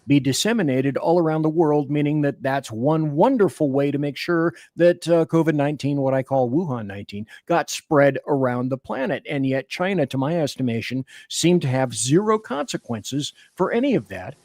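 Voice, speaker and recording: A man hosting a talk radio interview, animated and rambling, often cutting himself off and restarting. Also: on the high side, normal speed, hardly any pauses, no room sound, clean studio sound. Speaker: radio show host.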